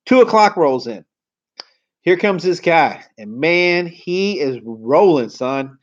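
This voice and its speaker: Animated man telling sales stories. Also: fairly high pitch, slow. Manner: animated, slangy, acts out quoted voices. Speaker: car sales trainer. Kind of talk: casual storytelling. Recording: slightly dull lo-fi audio.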